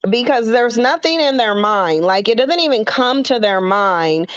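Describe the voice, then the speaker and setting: A woman co-hosting a podcast, making her case in a steady, assertive way, point by point. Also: fairly high pitch, measured pace, dry recording, muffled recording. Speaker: podcast co-host. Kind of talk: casual discussion.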